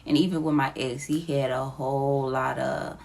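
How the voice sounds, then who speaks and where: A woman with children, speaking into her phone in a slow, halting confessional vlog, close to tears. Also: very deep voice, fairly even intonation, gravelly, darkish tone. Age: adult with children. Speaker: vlogger. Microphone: phone app recording.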